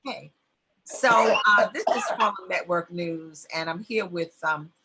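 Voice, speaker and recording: A woman's voice: on the low side, a little slow, heavy background noise. A woman hosting a local community news interview, speaking with many fillers like "um" and "you know" as she frames her questions. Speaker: host.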